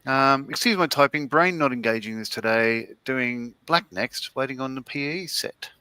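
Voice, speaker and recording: A man's voice: mid-range voice, moderate pace, pushed and bright, clear, resonant tone, no echo. A man hosting a casual livestream, reading viewer comments aloud with chuckling asides. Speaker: livestream host.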